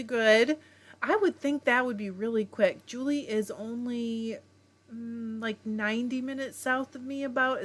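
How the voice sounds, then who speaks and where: A middle-aged woman hosting a casual livestream from home, reading viewer comments aloud and greeting people by name in a chatty way. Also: on the high side. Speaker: livestream host reading chat. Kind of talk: casual chat.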